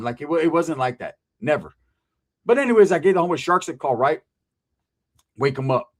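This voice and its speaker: A man spins a casual, profane street story, animated and quick to slip into the voices of the people in it. His voice sits a little high for a man.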